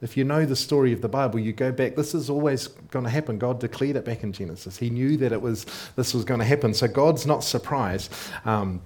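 A man's voice: medium pitch, brisk, few pauses, a little mellow. Conversational man preaching a sermon. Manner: conversational, asks the congregation rhetorical questions; many fillers and restarts, thinking aloud.

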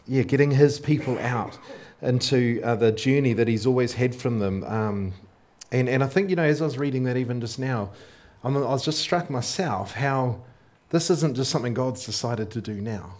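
A man delivers a sermon in a relaxed, talkative way. He keeps checking in with the congregation through rhetorical questions. His delivery is loose and unscripted, full of small fillers and restarts as he thinks aloud. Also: mid-range voice, moderate pace, few pauses. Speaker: preacher.

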